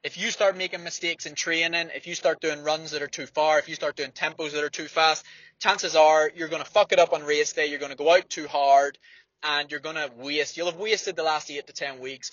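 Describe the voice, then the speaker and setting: A man's voice: on the high side, a bit bright, no room sound, lo-fi sound. A man, a distance runner, giving blunt, fired-up training advice with frequent swearing in a motivational monologue.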